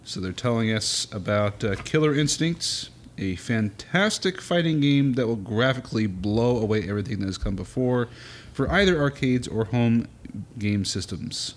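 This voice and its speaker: Lively man reading game reviews. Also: medium pitch, normal speed, slight background noise. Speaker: podcast co-host. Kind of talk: casual chat, reading old reviews.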